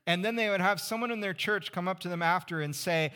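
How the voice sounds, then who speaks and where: A man preaching a sermon as pastor, conversational, asking the congregation rhetorical questions and dropping to a hush for emphasis. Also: high voice, quick pace, smooth. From California Central Valley.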